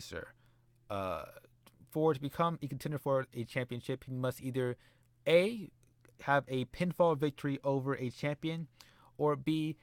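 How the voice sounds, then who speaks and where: A man voicing a stiff, overly formal male assistant, hesitant and wordy. The sound is dry and close, at a middle pitch. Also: no echo, natural voice.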